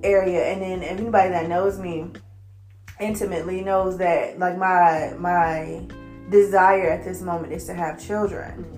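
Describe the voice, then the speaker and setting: A young woman co-hosting a casual faith chat, lively and playful with slangy speech. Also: lowish voice, normal speed. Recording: roomy echo with soft music behind.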